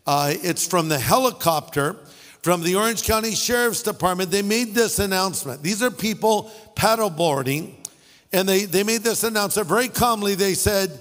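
A man's voice: sits high, lively intonation, normal speed, a bit bright, long reverb tail, faint music behind. A middle-aged male pastor preaching a sermon, telling funny stories and making wry asides. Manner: storytelling with jokes and asides. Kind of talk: humorous sermon.

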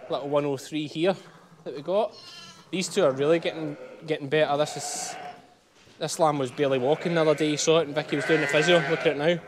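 Chatty Scottish shepherd, slightly high voice. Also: male voice, steady tone, quick pace, background noise. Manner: chatty, explains as he goes. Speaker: sheep farmer filming his lambing. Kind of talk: casual vlog narration while working. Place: outdoors on a sheep farm.

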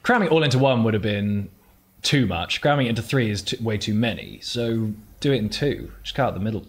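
A man co-hosting a gaming stream, arguing his point with quick comebacks. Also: fairly low pitch, animated. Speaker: co-host of a gaming livestream. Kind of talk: casual chat, arguing a point.

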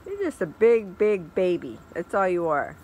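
A woman vlogging outdoors in a yard, talking to her dog in high sing-song baby talk. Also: sing-song, moderate pace, darkish tone, a little hiss or hum.

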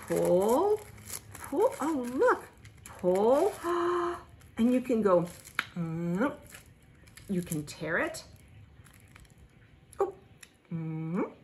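Slow, animated woman teaching toddlers. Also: fairly high pitch, a little hiss or hum. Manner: animated, exaggerated gasps and sing-song delight. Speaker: children's teacher. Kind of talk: sing-song lesson for toddlers.

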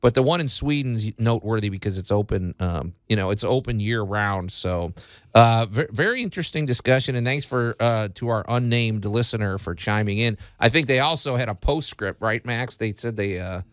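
A man's voice: fairly low pitch, expressive, moderate pace, no room sound, studio quality. A man hosting a casual radio talk show, rambling with many fillers and restarts.

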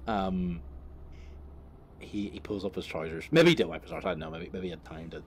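A man's voice: low-pitched, big pitch swings, brisk, darkish tone, a little hiss or hum. A young man telling a crude, rambling anecdote while he drives, swearing freely and breaking off to laugh, recorded in his car. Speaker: vlogger.

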